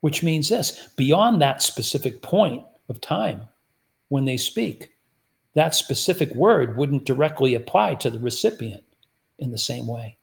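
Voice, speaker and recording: A man's voice: medium pitch, lively intonation, unhurried, creaky. A man preaching a sermon, teaching through rhetorical questions he puts to his listeners. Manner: rhetorical, repeatedly asks the audience "guess what".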